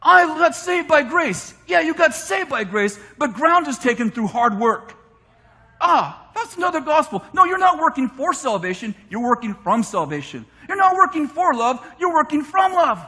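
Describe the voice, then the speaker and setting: A man preaching a lively sermon, shouting his points and mimicking complainers in mock voices. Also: very high voice, moderate pace. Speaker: pastor. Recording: long hall reverb from a church.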